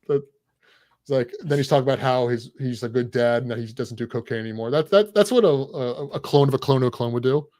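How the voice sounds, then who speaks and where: A man's voice: medium pitch, fairly even intonation, brisk, dark tone, no echo. A man chatting as a podcast guest in a loose, rambling way, poking fun at himself and others. His voice sits in a middle register and is recorded close and dry, with no room sound. He talks in an irreverent, offhand manner. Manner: irreverent, rambling, self-deprecating. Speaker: guest content creator. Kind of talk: casual podcast chat.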